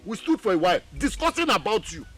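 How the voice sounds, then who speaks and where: An actor with a Nigerian accent playing an excitable, gossipy young village man. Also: high voice, soft background music. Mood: indignant. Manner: excitable, fast-talking. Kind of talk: film acting.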